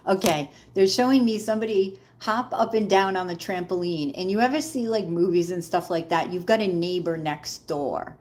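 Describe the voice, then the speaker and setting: A woman's voice: on the low side, moderate pace, a little mellow, slight background noise. A woman giving a casual live tarot reading, chatting directly to viewers and calling them Queen. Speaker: tarot reader.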